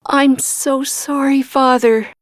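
A woman voicing Clara, an earnest young girl, in a slow storybook reading. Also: high voice, big pitch swings, no echo, clean studio sound, voice pushed up.

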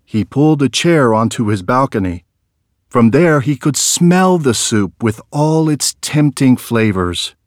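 A man narrating a storybook tale in a slow, expressive reading. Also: mid-range voice, no echo, studio quality.

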